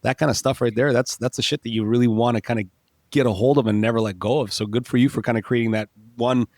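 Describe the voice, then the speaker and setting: A middle-aged man hosting a podcast interview. He is enthusiastic and encouraging and tends to ramble. His voice is mid-pitched and recorded dry. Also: steady tone, fast talker, a little mellow, dry recording. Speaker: podcast host. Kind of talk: casual interview chat.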